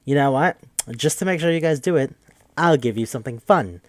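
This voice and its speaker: A man's voice: medium pitch, expressive, brisk, no echo, close to an everyday voice. A man voicing a gleeful, cruel male bear mastermind in a mocking, offhand, profane way, on a podcast. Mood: taunting.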